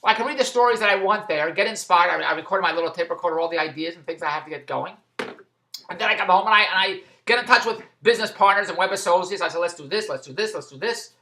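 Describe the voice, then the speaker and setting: A man's voice: sits high, fast talker, bright, forceful tone. A man in a rambling monologue vlog, stumbling and restarting as he goes, amused at his own tangents. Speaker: vlogger.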